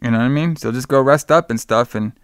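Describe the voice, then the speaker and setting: A podcast host rambles through a casual movie recap in a smooth, mid-range voice, talking fast with lots of fillers. He acts out quotes in a raised voice. The recording is dry, with no echo.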